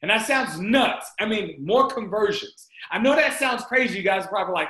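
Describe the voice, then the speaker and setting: High, bright-voiced man on a video call. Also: a little fast, reverberant, poor audio. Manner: energetic, repetitive, addresses the group as "guys". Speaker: team leader on a group video call. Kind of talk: motivational team training talk.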